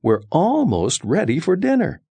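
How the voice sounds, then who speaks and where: A man voicing a female dinner host in a storybook read-aloud, speaking briskly and welcomingly. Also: fairly high pitch, huge pitch swings, mellow, slightly rough, voice pushed up, heavily acted.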